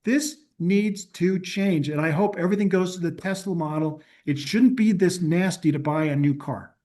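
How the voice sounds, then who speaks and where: A man hosting a podcast in casual chat, making his points emphatically and slowing down to stress them. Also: high voice, mellow. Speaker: podcast host.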